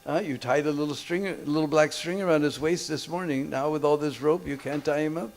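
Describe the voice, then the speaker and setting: A man's voice: on the high side, brisk, gravelly. A man voicing a group of teasing village women in a sermon story. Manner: teasing, amused.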